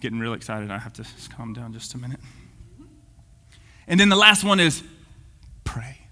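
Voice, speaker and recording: A man preaching an energetic sermon, swinging from booming to hushed. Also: fast, a little hiss or hum. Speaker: pastor. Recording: long reverb of a church hall.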